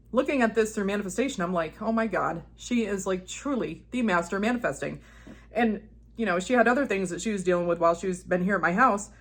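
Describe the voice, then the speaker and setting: A woman's voice: mid-range voice, a bit bright, breathy edge. Blunt, profane woman coaching. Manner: blunt and profane, storytelling with acted quotes. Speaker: manifestation coach. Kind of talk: casual monologue.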